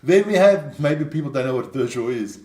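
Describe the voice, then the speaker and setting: A man's voice: mid-range voice, lively intonation, brisk, dark tone, reverberant. A South African man co-hosting a rugby watchalong, chatting in a jokey, rambling way. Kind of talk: casual sports chat.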